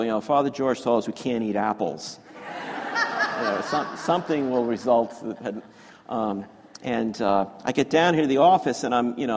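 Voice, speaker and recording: A man's voice: fairly low pitch, a little mellow. A male pastor telling a children's story in a sermon, chatty and self-deprecating with many fillers and restarts. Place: church sanctuary. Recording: echoey church hall.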